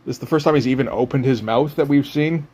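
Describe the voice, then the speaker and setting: A man's voice: mid-range voice, quick pace, darkish tone, breathy edge. A man talking casually about his comic art as he draws, rambling and self-mocking with frequent chuckles. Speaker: comic artist. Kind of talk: casual drawing commentary.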